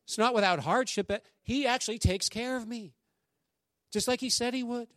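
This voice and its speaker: High-voiced pastor preaching conversationally. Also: male voice, normal speed, dry recording, studio quality. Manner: animated, conversational preaching with acted-out quotes. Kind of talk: sermon.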